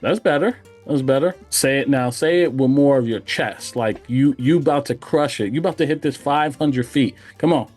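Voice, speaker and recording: A man's voice: mid-range voice, normal speed, hardly any pauses, a little mellow, soft background music. A man coaching a young baseball player, direct and encouraging, who repeats his key points over and over. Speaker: hitting coach.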